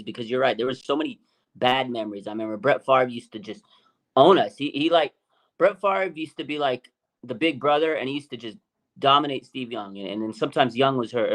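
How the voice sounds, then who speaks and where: A man hosting a casual sports chat, telling stories in an excitable, emphatic way. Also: medium pitch. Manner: excitable storyteller, animated and emphatic. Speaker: podcast host.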